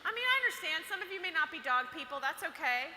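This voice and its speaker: Bright, chatty woman speaking in an echoey hall. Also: very high-pitched, expressive, quick pace, slight background noise. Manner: chatty and playful, acts out girls' lines. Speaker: workshop speaker for girls. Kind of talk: motivational talk to a live audience. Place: large hall. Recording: echoey hall with long reverb.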